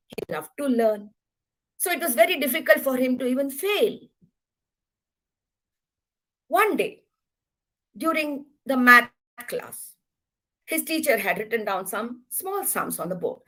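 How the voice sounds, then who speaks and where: Animated woman telling a children's story. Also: fairly high pitch, rough recording. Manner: expressive, animated, addresses listeners.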